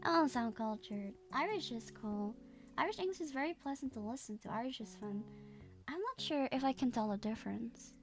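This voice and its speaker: A woman's voice: fairly high pitch, animated, fairly quick, over music. A young adult woman streamer chatting casually with her viewers, rambling and hesitant with many restarts and fillers.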